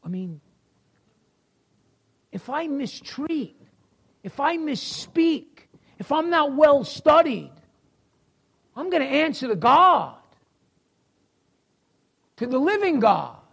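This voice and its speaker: A man's voice: very high voice, big pitch swings, takes it slowly, creaky, pauses often, fairly bright tone. A middle-aged man with a New York accent teaching a church class in a folksy sermon style, talking to listeners by name.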